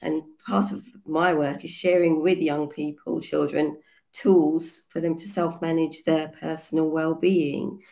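A woman with a cold and a hoarse voice, a children's yoga teacher explaining her book chapter in an earnest way, with many fillers. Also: low voice, little pitch movement, unhurried, mellow. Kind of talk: casual online panel talk.

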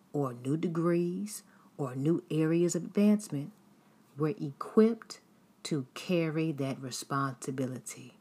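A woman preaching an earnest devotional sermon, exhorting her listeners and often dropping into hushed, whispered phrases. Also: low-pitched, husky.

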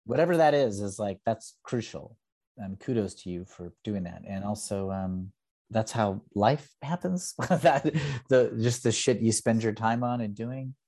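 A man's voice: fairly low pitch, expressive, a little slow, darkish tone. A man who teaches improv, chatting casually as a podcast guest, rambling and self-deprecating with lots of fillers. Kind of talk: casual interview chat.

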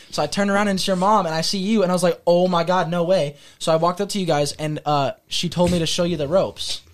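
A man's voice: high voice, fairly even intonation, quick pace, hardly any pauses. A young man hosting a podcast, recounting old memories in casual chat with friends and laughing often. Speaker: podcast host.

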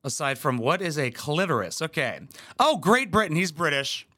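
A man's voice: on the high side, very animated, moderate pace, sharp tone. A man doing crude, sarcastic reaction commentary as a comedy channel host, swearing and mocking freely. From United States. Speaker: commentary YouTuber.

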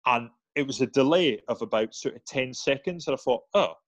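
A man, a former soldier, telling animated anecdotes in a casual interview, slipping into quoted voices and restarting his sentences. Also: medium pitch, brisk, no echo.

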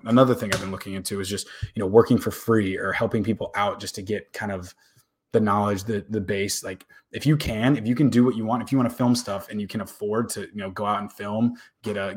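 A man's voice: on the low side, husky. A young man vlogging to camera in a casual, rambling way, often repeating words and swearing now and then.

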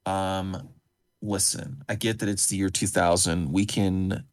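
A man's voice: deep voice, fairly even intonation, unhurried. A man co-hosting a podcast, giving blunt, opinionated takes on a movie and swearing casually. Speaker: podcast co-host.

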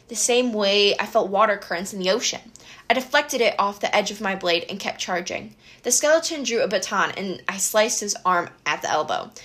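A woman narrates a first-person audiobook in a brisk, expressive way. Her voice is bright and clear, at a middle pitch for a woman.

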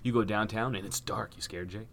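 A man's voice: on the low side, fairly even intonation, brisk. A man co-hosting a podcast, telling crude improvised stories in playful, profane banter. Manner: playful, swoops into loud silly voices; profane, joking. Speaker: podcast co-host.

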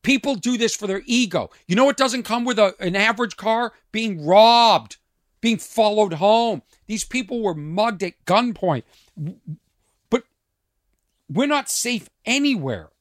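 A man's voice: sits high, lively intonation, a little slow, dry recording, studio quality. A man hosting a podcast, ranting in a casual monologue from a trailer outside his home. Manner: ranting, rhetorical questions. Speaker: podcast host and comedian.

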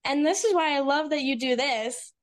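A woman's voice: sits high, moderate pace. A woman guest in a casual podcast conversation, talking earnestly and reflectively. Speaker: speaker at a women's retreat.

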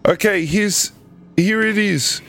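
A man's voice: high voice, takes it slowly, fairly bright tone, pitched above the performer's own voice, full character voice. A man voicing a brash, scheming male adventurer who talks in a cocky, dismissive way.

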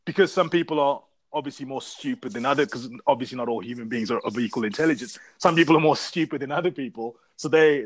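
There's no echo on this mid-range male voice. He's a podcast co-host from South Africa who tells meandering stories, swearing freely in a loose, chatty way.

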